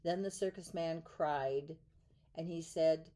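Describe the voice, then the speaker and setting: A woman reading a picture book aloud in a gentle, soft way, drawing out some words. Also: deep voice, fairly even intonation. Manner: gentle, soft, drawn-out in places. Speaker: storyteller.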